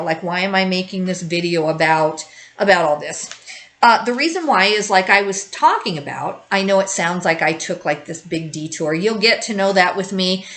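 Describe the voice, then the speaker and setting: A woman's voice: mid-range voice, lively intonation, normal speed, fairly bright tone, rough recording. Grief vlog host, woman in her 50s, candid and rambling, a mid-range voice. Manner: rambling, talks in circles, with restarts. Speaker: grief-support video host. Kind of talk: candid personal talk to camera.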